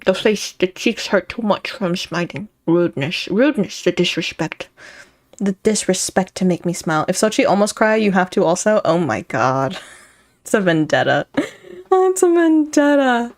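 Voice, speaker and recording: A woman's voice: on the low side, moderate pace. A young woman streaming, chatting casually with her viewers, rambling and breaking into giggles often. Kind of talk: casual chat with live chat.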